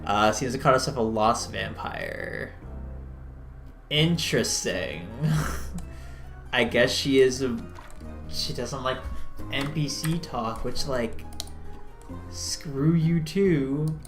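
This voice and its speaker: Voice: medium pitch, sing-song, slow pace, vocal fry, long pauses, fairly bright tone. A streamer casually chatting over a narrative game, laughing and commenting on their own accents and greeting chat, who also plays the innkeeper in a near-natural voice. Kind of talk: casual let's-play commentary. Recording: echoey room with faint music.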